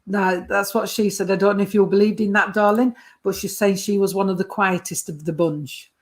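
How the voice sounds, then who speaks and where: Doing a psychic reading based on a photo, this woman speaks at normal speed in a steady, medium-pitched voice. "Sweetheart" and "darling" are her warm names for the sitter.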